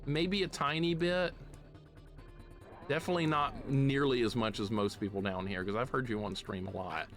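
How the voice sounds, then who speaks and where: Male streamer, slight Southern US accent, excitable live play commentary, soft game music underneath. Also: mid-range voice, normal speed. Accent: slight Southern US city accent. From southeastern United States. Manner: chatty, excitable, laughs often, greets chat.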